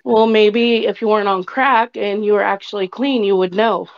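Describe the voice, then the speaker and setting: A woman's voice: medium pitch, fairly even intonation, normal speed. A woman calling into an online voice chat, accusing the host in a sarcastic tone. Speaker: caller. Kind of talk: casual voice chat. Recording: dull lo-fi voice chat audio.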